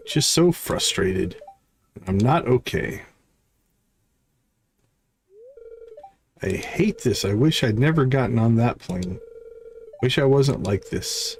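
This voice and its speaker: A man's voice: mid-range voice, a little mellow, slight background noise, close to an everyday voice. A man reading out the lines of a frail, despairing young villager recovering from illness, in a plain read-aloud way.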